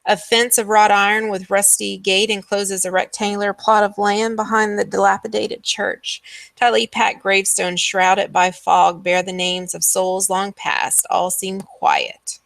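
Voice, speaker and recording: Lady dm narrating a tabletop game, slow and creaky, lots of ums. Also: mid-range voice, little pitch movement, a bit bright, dry recording. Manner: unhurried, descriptive, with filler ums. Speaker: dungeon master.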